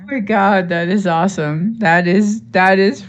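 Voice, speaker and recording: A woman's voice: medium pitch, measured pace. A woman hosting a live stream, chatting casually and rambling as she reads chat, tired after a late day of work. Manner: rambling, reads chat aloud, laughs often. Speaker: livestream host.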